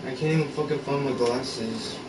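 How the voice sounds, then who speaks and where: Steady in tone, mid-range in pitch and moderate in pace, this gaming channel vlogger delivers a casual rant to camera from his bedroom. He's fed up and exasperated, cursing constantly. The audio comes across roomy and noisy, with the mic well away from him.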